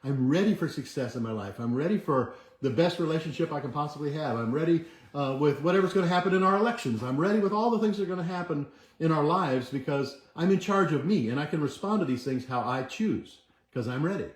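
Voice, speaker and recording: A man with a high, animated voice hosts a motivational livestream at a quick pace, earnestly coaching viewers and urging them to chant affirmations with him. He's on a camera mic and moves back from it, in an echoey room.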